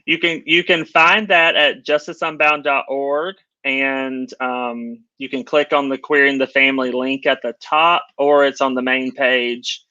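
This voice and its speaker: Man co-hosting, bright voice, upbeat and informal, dry muffled sound. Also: medium pitch, steady tone, a little slow, few pauses, no echo. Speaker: co-host. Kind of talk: casual livestream hosting.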